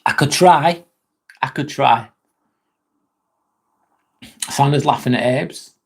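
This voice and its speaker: A man's voice: mid-range voice, slow pace, vocal fry, breathy edge. A man with an English accent hosting a casual live stream, reading out chat comments, chatty, swearing casually and laughing often.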